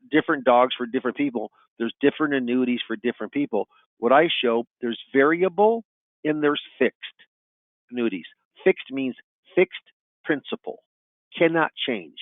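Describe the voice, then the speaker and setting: A man's voice: medium pitch, dry recording. A middle-aged man coaching salespeople on a webinar, telling client stories in a folksy way and often asking "you know what?". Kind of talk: webinar talk with client anecdotes. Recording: tinny phone-line audio, dry.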